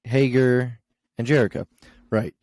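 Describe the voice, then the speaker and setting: A man's voice: medium pitch, measured pace, a little mellow, no echo. A young man co-hosting a podcast, casually recapping wrestling shows with lots of fillers and chuckles. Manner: rambling recap with many fillers and laughs.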